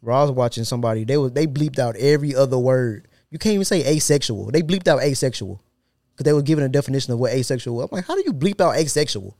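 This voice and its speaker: A man holding forth on a podcast, medium-pitched and blunt, tossing out jokes and hard opinions in loose, slangy chat. The sound is dry and close, with no room around it. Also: lively intonation, quick pace, darkish tone, no echo. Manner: joking, blunt, breaks into laughter. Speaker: podcast co-host.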